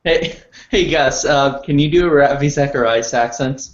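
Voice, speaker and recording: A man's voice: medium pitch, normal speed. A man steering a casual online debate chat, asking questions with hesitant fillers over a video call. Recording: roomy, dull lo-fi call audio.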